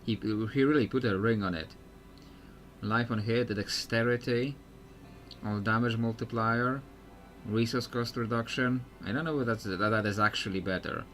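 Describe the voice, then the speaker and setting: A man's voice: mid-range voice, normal speed, fairly bright tone, soft background music. Rambling, laughing male gamer. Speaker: streamer. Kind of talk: casual gameplay commentary.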